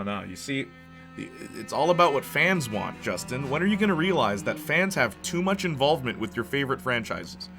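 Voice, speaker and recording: A man streaming a video game, chatting casually and answering his chat. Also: mid-range voice. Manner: chatty, reads and answers chat, laughs often. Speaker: gaming streamer. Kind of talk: casual gameplay commentary.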